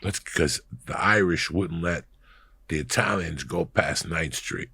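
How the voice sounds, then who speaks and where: Gravelly New man telling stories. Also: low-pitched, unhurried. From New Jersey, USA. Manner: profane, animated storyteller who acts out quoted voices. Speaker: podcast guest. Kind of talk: storytelling in casual chat.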